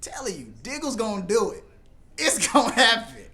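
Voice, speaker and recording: A young man hosting a live TV reaction, rambling and joking excitedly as he talks over the episode. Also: a little fast. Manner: excitable, rambling, jumps into high put-on voices for jokes. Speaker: reaction video host.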